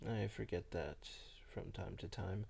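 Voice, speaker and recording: A man doing a soft-spoken, gravelly old vampire. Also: sits low, heavily acted. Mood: wistful. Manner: slow, soft, hushed storytelling. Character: old male vampire, melancholy and measured.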